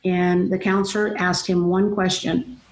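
A woman's voice: lowish voice, level tone, a little slow. Middle-aged woman in an echoey room. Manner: earnest, storytelling, acts out voices in quotes. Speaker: guest, mother. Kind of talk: Christian parenting talk. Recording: roomy echo.

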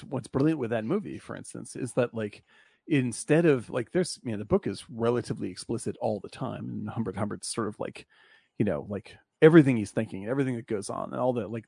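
A man's voice: mid-range voice, creaky, a little mellow, slightly rough, no room sound. A man hosting a casual film discussion, blunt and profane, rambling with lots of fillers.

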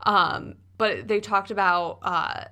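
A woman's voice: mid-range voice, fairly even intonation, slow, pushed and bright. A woman co-hosting a casual podcast, talking conversationally with frequent fillers. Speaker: podcast co-host. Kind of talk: casual chat.

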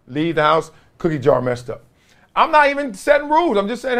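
A man hosting a podcast, talking casually in a slangy, animated monologue that swings between loud bursts and low asides. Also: a little fast. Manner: slangy, preachy. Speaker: podcast host.

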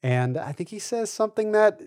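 A man's voice: high voice, animated, normal speed, a little mellow, dry recording. Guy cohosting a podcast, rambly with lots of likes and ums, dry close sound. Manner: rambling, many fillers, thinks aloud. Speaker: podcast co-host. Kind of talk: casual chat.

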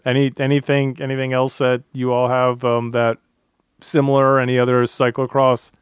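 A man hosting a casual podcast chat, talking in a relaxed, halting way and often repeating words. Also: medium pitch, smooth, no room sound, studio quality. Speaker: podcast host.

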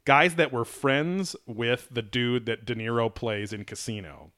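A man's voice: medium pitch, measured pace, sharp tone. A man co-hosting a podcast, rambling and laughing in loose, profane banter. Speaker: podcast co-host.

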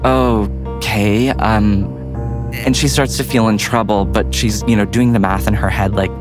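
Low-ish guy telling a made-up bedtime story, lots of "like" and "um", music playing behind. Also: steady tone, moderate pace. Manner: rambling, filler-heavy narration. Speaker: guest storyteller.

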